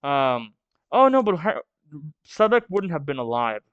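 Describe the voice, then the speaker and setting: A man's voice: a little high, sing-song, measured pace, a bit bright, clear, resonant tone, no room sound, muffled recording. A man hosting a manga reaction video, reading the chapter aloud and thinking aloud about it.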